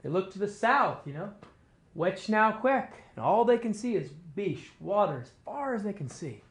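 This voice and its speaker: A tribal language department storyteller casually narrates a traditional tale in a sing-song, mid-range voice at normal speed. The manner is folksy and conversational, sprinkled with "kinda" and "you know," and the animals' lines are performed.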